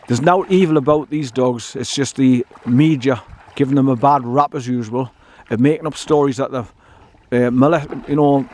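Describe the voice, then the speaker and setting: A man's voice: mid-range voice, darkish tone, a little hiss or hum. An older man, talking casually and bluntly while walking his dog outdoors by a stream, rambling and repeating himself. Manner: chatty, blunt, meandering, repeats words. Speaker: dog owner vlogger. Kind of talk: casual rambling walk-and-talk.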